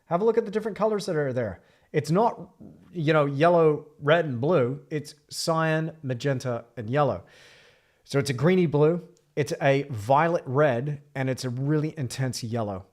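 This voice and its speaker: A man with an average-pitched voice, talking casually into a livestream from his studio. He rambles and reflects as he works on a painting. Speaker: artist streaming while painting. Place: art studio, indoors.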